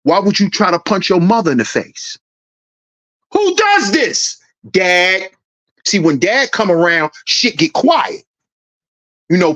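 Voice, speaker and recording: Man, heated commentary host, confrontational, preachy, pitch swings wildly. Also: bright, forceful tone. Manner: preachy, confrontational, acts out scenes. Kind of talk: heated social commentary monologue.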